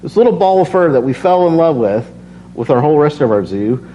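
A man's voice: a little high, sing-song, fairly quick, dark tone. A worn-out man giving a casual, earnest sermon, reading scripture and then telling personal stories, often repeating phrases as he builds. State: tired. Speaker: preacher. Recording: slightly dull recording with faint hum.

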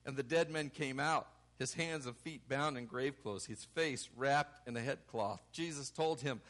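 Male pastor, sermon, unhurried delivery, theatrical outbursts, mid-pitched voice. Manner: dramatic, acts out quotes with sudden loud bursts.

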